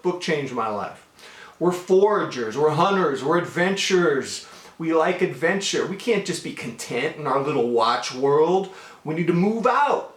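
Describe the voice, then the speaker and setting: A man's voice: on the high side, fairly bright tone, reverberant. A man in his fifties talking casually to his viewers in a rambling, storytelling way, drifting into asides. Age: 50s. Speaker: watch vlogger. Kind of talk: casual monologue to camera.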